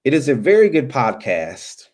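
A man's voice: medium pitch, huge pitch swings, moderate pace, a little mellow. A man hosting a live stream, chatting loosely as he signs off, with many ums and restarts. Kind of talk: casual live stream sign-off chat.

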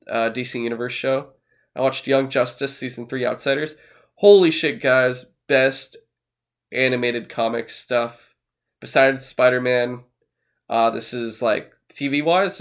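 A man's voice: medium pitch, steady tone, measured pace, a bit bright. A man co-hosting a casual podcast, rambling with fillers and restarts, swearing now and then. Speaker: podcast co-host. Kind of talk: casual chat.

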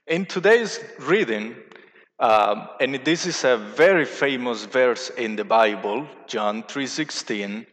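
A man, a Catholic priest, giving a sermon with slow, careful explanations, pausing and restarting as he goes. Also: medium pitch, animated, fairly bright tone, big-room sound.

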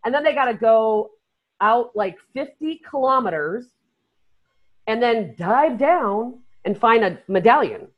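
Woman host, chatty storyteller, pitch swinging widely, lo-fi call audio. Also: measured pace. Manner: animated storyteller, swears, acts out quotes, laughs often. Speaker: podcast host. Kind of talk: casual chat. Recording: dull lo-fi sound.

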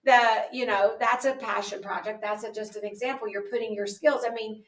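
A woman's voice: mid-range voice, steady tone, fairly quick. A woman guest in a casual podcast interview, speaking earnestly and with animation, often restarting her sentences. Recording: echoey room, distant mic.

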